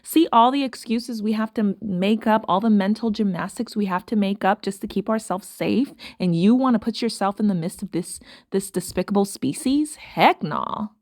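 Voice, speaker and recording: A woman's voice: mid-range voice, moderate pace, few pauses, darkish tone, dry recording, studio quality. A woman hosting casual commentary to her viewers, talking emphatically and repeating phrases for stress. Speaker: commentary host.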